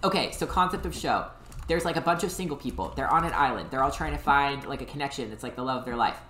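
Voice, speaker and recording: Woman, low voice, expressive storyteller, casual podcast chat, roomy sound. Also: fast, slight background noise. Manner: animated storytelling, many "like" fillers.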